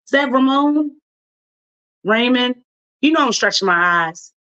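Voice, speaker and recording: This woman's fairly high, sharp voice moves a little slowly and expressively over a lo-fi recording. A radio host from Baltimore, Maryland, she delivers casual commentary in her Baltimore accent, chatty and full of slang, laughing often.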